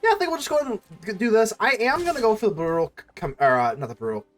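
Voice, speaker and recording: Lively, self-scolding card game streamer. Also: medium pitch, racing, soft background music. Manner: thinks aloud, scolds self, nervous fretting. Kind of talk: casual gameplay commentary.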